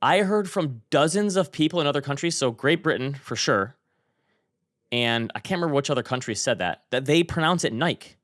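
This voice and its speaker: A man co-hosting a podcast, telling stories in animated, chatty banter. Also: medium pitch, a little fast, no echo, studio quality. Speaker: podcast co-host. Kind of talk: casual chat.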